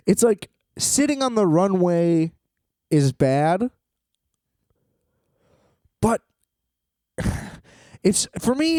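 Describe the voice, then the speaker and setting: A man's voice: a little high, warm tone, no room sound, clean studio sound. A tired man rambling in a solo vlog from a hotel room, exasperated, swearing and laughing often. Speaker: vlogger.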